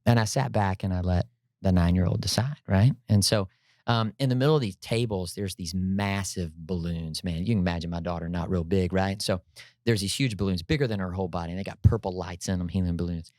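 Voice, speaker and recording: Animated man telling a story, low voice. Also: a little fast, no echo, clean studio sound. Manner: energetic, peppers talk with "right?" and "like, you know"; addresses listeners directly, folksy and humorous. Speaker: podcast guest telling a personal story.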